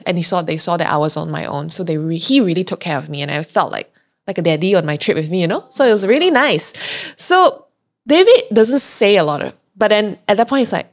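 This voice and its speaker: Chatty woman telling a travel story. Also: mid-range voice. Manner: chatty, laughs often, acts out quotes. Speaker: podcast guest recounting a trip. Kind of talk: casual storytelling.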